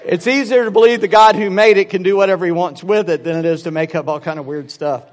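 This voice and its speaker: A man's voice: high voice, fast. A man preaching a sermon, telling stories and acting out voices as he goes. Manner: storytelling, animated, acts out voices in jokes. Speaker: pastor. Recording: long hall reverb.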